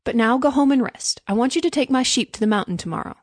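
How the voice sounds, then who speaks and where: Hearty, selfish storybook miller, raised and loud, dry close sound, as a woman reads him. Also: high voice, fast talker, no room sound, pitched above the performer's own voice. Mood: cheerful. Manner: hearty, self-serving pronouncements. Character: greedy, smooth-talking male miller.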